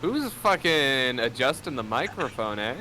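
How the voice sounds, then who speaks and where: A man's voice: mid-range voice, sing-song, unhurried, pushed and bright, slight background noise, rough recording. Dry sarcastic American man. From United States. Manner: dry, sarcastic, swears casually. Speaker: streamer. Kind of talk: casual gaming chat.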